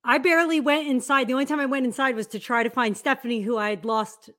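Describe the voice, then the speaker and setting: A woman's voice: sits high, fairly even intonation, fast talker, fairly bright tone. A woman co-hosting a casual chat, rambling through memories and trailing off mid-sentence. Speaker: co-host.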